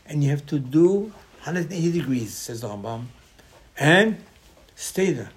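A man in gives a Torah sermon, telling stories with sudden loud bursts and hushed asides. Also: fairly high pitch, big pitch swings, unhurried. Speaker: rabbi teaching Torah.

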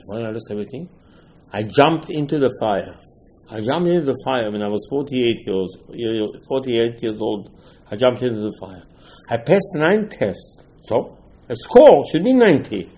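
A man's voice: medium pitch, a little fast, low-quality recording. A man, a rabbi, giving an impassioned Torah lecture in broken English, acting out the dialogue as he goes. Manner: animated, acts out dialogue, broken English grammar.

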